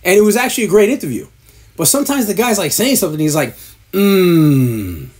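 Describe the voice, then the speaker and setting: A man rants with blunt, profane exasperation, mocking others by mimicking them. His voice is husky and his pitch swings widely. He sounds like a podcast producer airing his pet peeves. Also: sing-song, racing. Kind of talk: ranting advice to camera.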